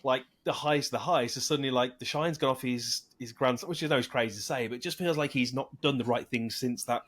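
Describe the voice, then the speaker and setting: A man's voice: mid-range voice, a bit bright. A man co-hosting a podcast, talking casually with lots of fillers. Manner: quick, filler-heavy with lots of "like". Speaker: podcast co-host.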